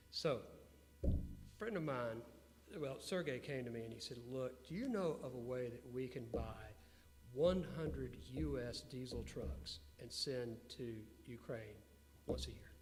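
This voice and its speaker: A man being interviewed before an audience, telling business stories in an animated way and putting questions to the crowd. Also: medium pitch, a little slow. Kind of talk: storytelling talk to an audience. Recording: long hall reverb with faint hum.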